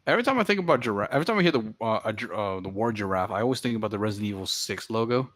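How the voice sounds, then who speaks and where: A man co-hosting a podcast in casual chat, hesitant and halting. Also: fairly low pitch, expressive, fairly bright tone, no room sound. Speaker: podcast co-host.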